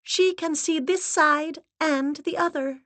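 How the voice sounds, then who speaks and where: A woman voicing a solemn, stern medium's assistant who intones rules in a formal, steady monotone. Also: high voice, slow pace, no room sound, voice pushed up. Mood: solemn intoning.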